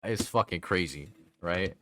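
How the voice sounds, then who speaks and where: A man with a very low, deep voice chats loosely on a live stream. He swears freely, laughs often and rambles through half-finished thoughts while he answers chat. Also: measured pace, heavy background noise. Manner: profane, giggly, rambling. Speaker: VTuber streamer host.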